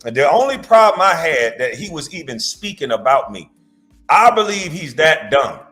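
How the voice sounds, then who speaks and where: A man's voice: fairly high pitch, sing-song, moderate pace, pushed and bright, soft background music. A man hosting a reaction show, ranting bluntly and profanely, mocking his target. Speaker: host. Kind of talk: reaction commentary rant.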